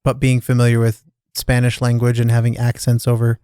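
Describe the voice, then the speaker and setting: A man's voice: medium pitch, completely flat delivery, brisk, warm tone, smooth, dry recording, studio quality. A man co-hosting a podcast, chatting casually and offering short agreeing remarks. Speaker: podcast co-host.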